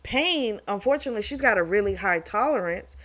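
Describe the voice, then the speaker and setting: A woman's voice: mid-range voice, expressive, brisk, fairly bright tone. A young woman casually recapping and reviewing a romance novel, chatty and frank, swearing freely and talking straight to her viewers. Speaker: book club vlogger.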